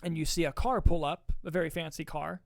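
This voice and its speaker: Excitable man swearing through a movie review. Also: a little high, fairly quick, vocal fry, dry recording, clean studio sound. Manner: excited, swears often, retells scenes with acted quotes. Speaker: podcast co-host, movie reviewer. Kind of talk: casual movie review chat.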